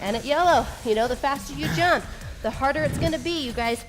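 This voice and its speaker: This high-voiced fitness instructor speaks briskly, guiding viewers through a workout to music. She keeps the energy positive even as she starts panting.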